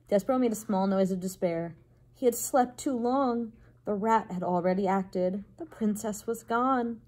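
Warm-voiced librarian reading aloud. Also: female voice, mid-range voice, moderate pace. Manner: expressive, dramatic reading to children. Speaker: children's librarian. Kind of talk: storybook read-aloud.

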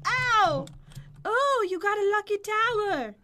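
A young woman co-hosting a game video, joking and giggling with her partner. Her voice sits very high with a bright edge. She talks with a lively, swooping melody. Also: takes it slowly, a little hiss or hum. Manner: giggly, playful banter. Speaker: gaming video co-host. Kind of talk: casual gameplay chat.

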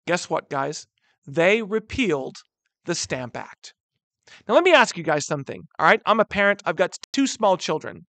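A man in his thirties teaching a history lesson, animated and chatty, often calling the students "guys". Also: high-pitched, brisk, no echo. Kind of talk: classroom lecture.

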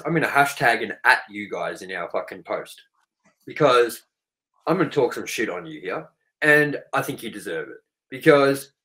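A man's voice: mid-range voice, sharp tone. An Australian man hosting a casual podcast, his talk heated and full of profanity. He rants hard, pressing each point. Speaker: podcast co-host.

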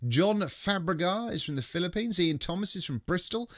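A man's voice: sits high, expressive, normal speed, no echo, clean studio sound. A man hosting a casual livestream, reading out viewer greetings and stumbling cheerfully over names. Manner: chatty, stumbles over names, laughs often, swears casually. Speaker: livestream host. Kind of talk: casual live chat reading viewer comments.

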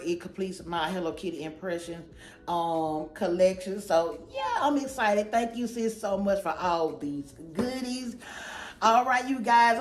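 A woman hosting her own channel chats goofily to camera about a shopping haul, rambling and using lots of slang. Her voice is on the low side, and the sound is roomy.

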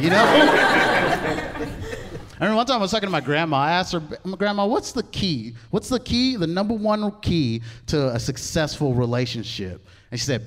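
A young man performing a stand-up comedy set, telling stories in an animated way with laughing asides. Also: sits high, normal speed. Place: large comedy venue with live audience. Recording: live hall reverb with audience noise.

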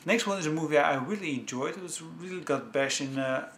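A man chatting casually about films he owns, talking with enthusiasm in a halting way full of restarts. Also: fairly high pitch, a bit bright, a little hiss or hum. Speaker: movie vlogger. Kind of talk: casual home-video review. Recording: echoey room.

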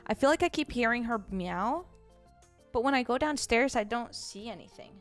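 Playful woman streamer, high and lively; casual stream talk. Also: moderate pace, soft background music. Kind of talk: casual chat on a live stream. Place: home.

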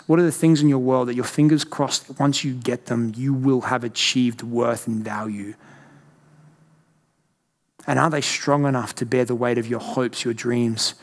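A young man preaching a church sermon with passion, moving between loud outbursts and hushed questions. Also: medium pitch. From Australia. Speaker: pastor.

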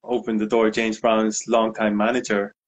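A man's voice: lowish voice, moderate pace, a little hiss or hum. A man in a casual interview, telling a story with lots of fillers and acted-out quotes. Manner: animated anecdote, acts out quotes. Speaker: guest DJ.

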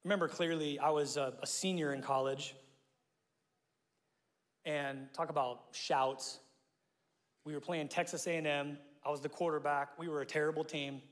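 Brief: male pastor from Omaha, slightly high voice, self-mocking storyteller who bursts into shouted quotes, recorded in a church with a long echo. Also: moderate pace, pauses often. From Omaha, Nebraska, USA. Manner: animated storytelling, acts out quotes with sudden shouts; jokey, self-mocking asides with laughter. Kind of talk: sermon. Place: church sanctuary. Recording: long reverb of a large hall.

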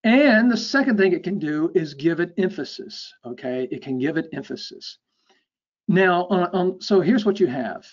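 A man's voice: high voice, lively intonation, normal speed. Man lecturing, dull lo-fi sound. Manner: explanatory, checks in with frequent "okay?". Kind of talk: academic lecture.

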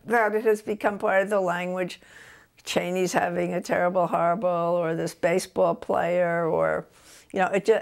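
An older woman author from New Jersey, telling stories about her books in a relaxed interview at home. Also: lowish voice, gravelly. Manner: animated anecdotes, voices quotes of her son.

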